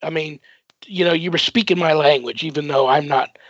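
A man's voice: on the high side, fairly quick, fairly bright tone, no room sound. A man hosting a radio talk show, chatting casually and rambling with many fillers. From United States. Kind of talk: casual radio interview chat. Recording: dull dry lo-fi broadcast audio.

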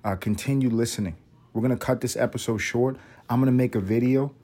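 This is a young man talking alone on his podcast in a loose, off-the-cuff ramble. He swears freely and mocks himself as he goes. His pitch sits in a middle range for a man. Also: steady tone, fairly quick, warm tone. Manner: profane, rambling, self-mocking. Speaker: podcast host. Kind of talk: casual solo podcast monologue.

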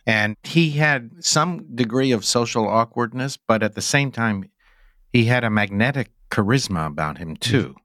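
A man hosting an interview, asking measured, prompting questions. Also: mid-range voice, expressive, a bit bright, no echo, studio quality. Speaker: interviewer host.

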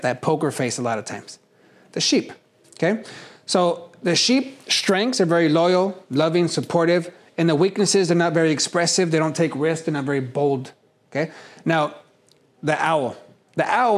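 A man teaching a casual workshop on personality types, talking in a conversational, animated way and acting out examples. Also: fairly high pitch.

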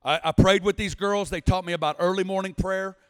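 Man in his forties, from Arkansas, guest preacher, fairly high voice, animated storytelling with shouted bursts, big hall reverb. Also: brisk, clean tone. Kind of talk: sermon testimony. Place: large church sanctuary.

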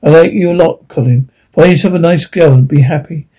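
A man's voice: fairly high pitch, brisk, dark tone, natural voice, low-quality recording. A man voicing a distraught young woman with a small, trembling voice in an audiobook reading. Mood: tearful.

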